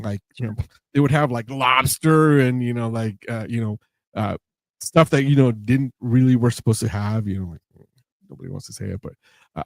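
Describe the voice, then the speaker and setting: A man's voice: on the low side, darkish tone, no echo. Rambling, chatty male podcast host. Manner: rambling, many fillers, laughs and acts out quotes. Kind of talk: casual storytelling interview.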